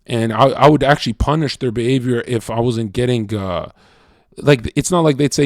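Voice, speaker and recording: A male streamer talks in a loose, rambling monologue, blunt and crude with plenty of filler words. His mid-range voice jumps from loud bursts down to quiet mutters. The sound is dry and close, with no room echo. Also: brisk. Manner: swings between loud outbursts and low mutters. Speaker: livestreamer.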